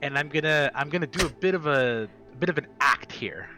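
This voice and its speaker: A man's voice: fairly high pitch, fairly quick, over music. A man playing a tabletop game, talking casually and eagerly. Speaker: player.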